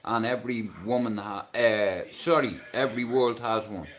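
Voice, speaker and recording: A man's voice: lowish voice, normal speed, a bit bright. A man with a Dublin Irish accent chatting casually on his live stream, rambling and swearing through jokey banter. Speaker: livestreamer.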